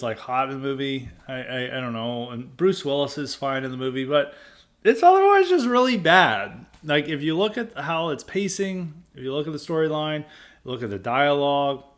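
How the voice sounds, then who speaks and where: A man hosting a podcast, giving a blunt, opinionated monologue that rambles with many restarts and filler words. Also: a little high. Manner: dismissive and blunt. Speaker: podcast host.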